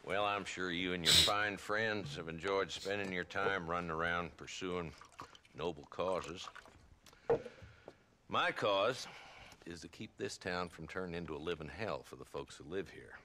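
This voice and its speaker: An actor voicing a gruff, world-weary sheriff in a western video game, speaking in a dry drawl. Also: male voice, deep voice, unhurried, long pauses, noisy background. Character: weary, gruff old-west male lawman. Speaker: frontier sheriff.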